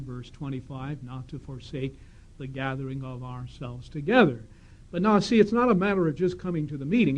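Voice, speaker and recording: A man's voice: a little high, darkish tone. A man giving a sermon in a congregation hall, reading scripture aloud and putting questions to the audience. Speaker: congregation speaker. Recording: dull lo-fi 1970s tape.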